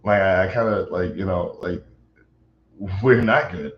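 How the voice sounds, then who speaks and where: Speaking at a measured pace in a low voice, this man is livestreaming and talking in an agitated, rambling way full of fillers. A little hiss or hum sits under the roomy, dull lo-fi audio of his casual chat.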